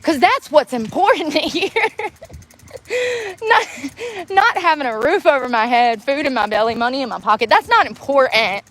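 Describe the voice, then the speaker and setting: A woman's voice: high-pitched, expressive, normal speed, a bit bright. A woman ranting bluntly in a casual vlog, laughing often, recorded outdoors in the woods. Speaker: vlogger.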